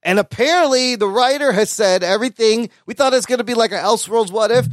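A man with a high voice co-hosts a podcast and talks excitedly about upcoming shows. He swears casually and keeps the chat moving. The sound is dry and close. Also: fast, dry recording. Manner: energetic, enthusiastic, swears. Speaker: podcast co-host.

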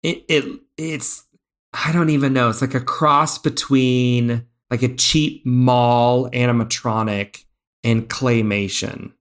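A man in casual podcast conversation about a movie, talking in a middle-pitched voice. He gets animated, rambles, and keeps restarting his sentences with fillers. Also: slow. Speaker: podcast co-host. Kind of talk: casual film review chat.

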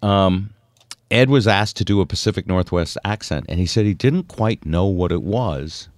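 A man hosting a casual podcast chat, chatty and teasing, quick to laugh. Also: deep voice, no room sound. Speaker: host.

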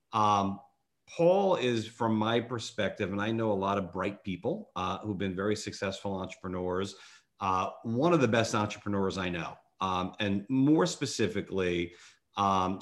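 Guy hosting a podcast, kinda low voice, joking around w/ lots of uhs. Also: a bit bright. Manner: jokey, many fillers and restarts. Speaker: podcast host. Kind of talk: casual interview chat.

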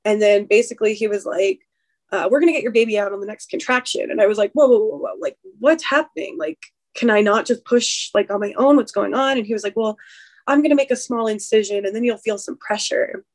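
A woman's voice: medium pitch, a little fast. Woman retelling a hard birth story. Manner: rambling, many fillers and restarts. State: emotional, recounting trauma. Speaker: guest sharing a birth story. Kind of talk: personal storytelling in an interview.

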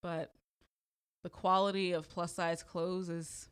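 A woman co-hosting a podcast, talking frankly and casually, with quick reactions to her co-host. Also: lowish voice, little pitch movement, smooth. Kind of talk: casual chat.

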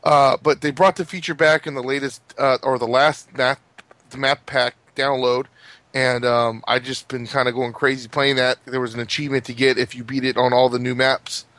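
A man's voice: mid-range voice, little pitch movement, normal speed, fairly bright tone, dry recording. Rambling man in casual gaming chat. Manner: rambling, many fillers and restarts.

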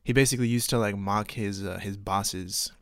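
A man's voice: fairly low pitch, normal speed, fairly bright tone, clean tone, no room sound, studio quality. A man from Texas hosting a podcast, rambling in a profane, self-mocking way. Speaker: podcast host. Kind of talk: casual podcast monologue.

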